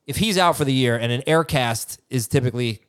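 A man co-hosting a casual fantasy football podcast, brisk and teasing, with frequent "uh" fillers. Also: medium pitch, fairly bright tone, clean tone, dry recording, clean studio sound. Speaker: podcast co-host.

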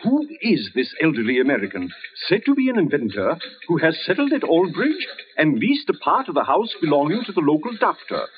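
An actor playing an excitable newspaperman reading reports aloud in a 1940s radio drama. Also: a little high, a little fast. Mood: dramatic. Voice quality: dramatic, swooping. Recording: dull old radio broadcast.

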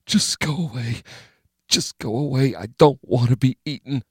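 A man's voice: medium pitch, normal speed, breathy edge, dry recording, studio quality, voice pushed up. A man voicing a terrified young man hiding, pleading in strained, breaking panic. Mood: desperate pleading.

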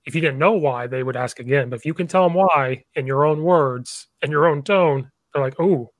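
A man's voice: a little high, brisk, no room sound. A man hosting a podcast, chatting in a loose way and saying "like" a lot. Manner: loose, filler-heavy speech, leans on "like". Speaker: podcast host. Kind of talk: casual chat.

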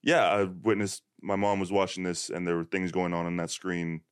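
A man's voice: deep voice, level tone, normal speed, clean tone, no room sound, studio quality. A man hosting a podcast in a casual, rambling way with lots of fillers. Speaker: podcast host. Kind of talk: casual chat.

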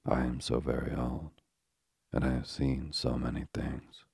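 A man's voice: extremely low pitch, little pitch movement, measured pace, creaky, darkish tone, husky, dry recording, studio quality, full character voice. A man voicing a very old, weary moonbeam who speaks faintly.

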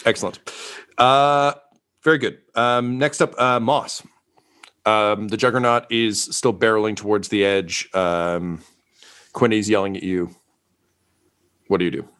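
A man running a tabletop game as game master, relaxed and full of ums and uhs. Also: on the low side, a little slow, pauses often, clean tone.

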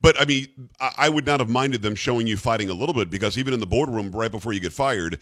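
A man's voice: medium pitch, fast, fairly bright tone. An American man hosting a talk show interview, chatty and rambling, full of fillers and restarts. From United States. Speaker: radio talk show host.

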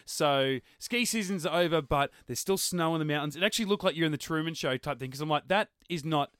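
A man co-hosting a casual podcast, telling stories with animated bursts and frequent laughter. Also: a little high, fast talker, smooth, dry recording, studio quality. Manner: animated storyteller, laughs often. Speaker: podcast co-host.

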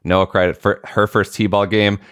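A man's voice: on the low side, normal speed, smooth, no room sound, clean studio sound. A man in his late thirties, a podcast co-host, telling a family story in casual chat and acting out the quotes. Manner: animated storytelling, acts out quotes.

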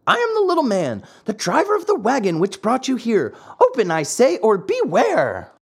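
A man's voice: very high-pitched, huge pitch swings, normal speed, vocal fry, slightly rough, pitched above the performer's own voice, exaggerated voice. A man doing a sugary sinister little man. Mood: commanding. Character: sweet-smiling sinister little man, cruel.

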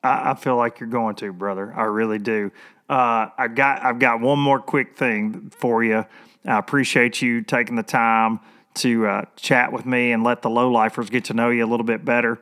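A man's voice: medium pitch, steady tone, normal speed, fairly bright tone. A middle-aged man from Tennessee hosting a casual podcast interview, talking in a folksy, easygoing way and laughing often. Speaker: podcast host.

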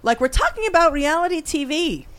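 A woman co-hosting a comedy podcast, bubbly and quick to laugh while she plays along. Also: sits high, sing-song, fairly bright tone. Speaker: podcast co-host.

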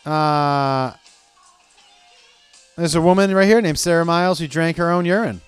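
A man's voice: on the high side, a little slow, clean tone, dry recording, soft background music. A man hosting a podcast in a loose, profane, rambling comedic monologue. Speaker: podcast host.

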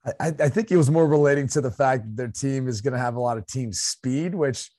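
A man's voice: medium pitch, quick pace, a little mellow, dry recording, clean studio sound. A man from Ohio co-hosting a sports podcast in casual chat, laughing often and breaking into impressions of coaches.

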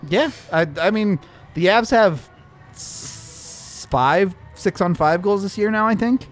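A man's voice: sits high, slow. A man co-hosting a casual podcast, reading viewer messages aloud. He talks hesitantly with many restarts, slightly tipsy from a few beers. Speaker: podcast co-host reading super chats. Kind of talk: casual chat.

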